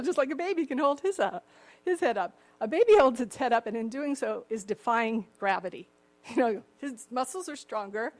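An older woman preaching a sermon, with a slightly cracked voice and chuckling asides. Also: mid-range voice. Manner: warm chuckling asides, acts out the story voices.

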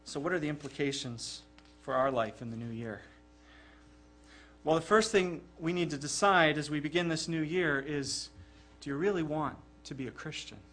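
High-voiced man preaching earnestly. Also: moderate pace, a bit bright, faint music behind. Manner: earnest, emphatic, with repeated words. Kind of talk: sermon.

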